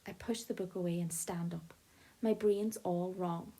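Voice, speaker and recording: A woman narrating an audiobook in first person, with a lively, expressive telling. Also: on the low side, measured pace, breathy edge.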